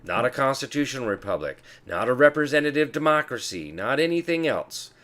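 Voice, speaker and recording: A man speaking as a guest in a casual discussion, emphatic but halting and full of fillers. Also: mid-range voice, big pitch swings, fairly bright tone.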